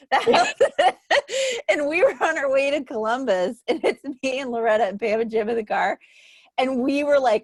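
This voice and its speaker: A woman's voice: sits high, animated, moderate pace, no room sound. A woman hosting a book club, telling casual stories and laughing often. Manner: chatty storyteller who laughs often. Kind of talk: casual chat.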